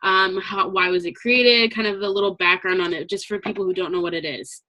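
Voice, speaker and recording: A woman's voice: medium pitch, steady tone, fairly quick, sharp tone, poor audio. A woman hosting a training call who interviews a guest in an encouraging tone, with hesitant "um"s between questions.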